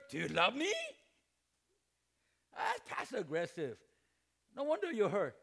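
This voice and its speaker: Animated high-voiced male preacher. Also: a little slow, creaky, pauses often, slightly rough. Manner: animated, acts out dialogue and jokes; shouts at emphatic points. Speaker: pastor. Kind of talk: sermon. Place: church hall, preaching to students.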